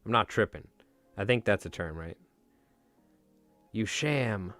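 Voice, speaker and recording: A man's voice: on the low side, animated, takes it slowly, fairly bright tone, dry recording, faint music behind. A man chatting casually on a live stream while tying flies, rambling and joking at his own expense. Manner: rambling, self-mocking, joking.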